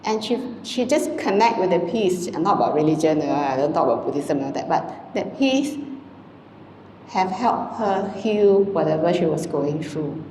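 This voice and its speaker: Gentle woman in an echoey hall. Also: on the low side, expressive, moderate pace, a little hiss or hum. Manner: conversational and gentle, frequent "you know" and "ah" tags. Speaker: Buddhist nun giving a dhamma talk. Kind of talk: informal dhamma talk to a congregation. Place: temple hall. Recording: echoey hall with long reverb, faint ambience.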